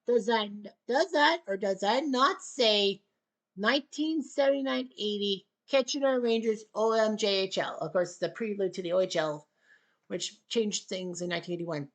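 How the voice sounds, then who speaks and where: A woman giving play-by-play commentary on a table hockey game, with excited goal calls and sarcastic asides to the viewers. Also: mid-range voice, moderate pace.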